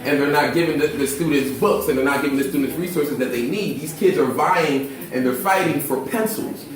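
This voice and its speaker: A man in his twenties from Philadelphia who works with charter school kids, talking casually in an animated, slangy way with acted quotes. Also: a little high, brisk, heavy reverb, recorded from a distance, a crowd in the background, low-quality recording. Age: 20s. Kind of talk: casual discussion.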